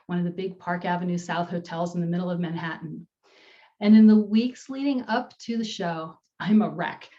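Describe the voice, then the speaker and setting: A woman's voice: medium pitch, a little mellow, lo-fi sound. Woman speaking coach telling a story. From United States. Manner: storytelling, upbeat with frequent laughs. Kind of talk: presenting a webinar talk.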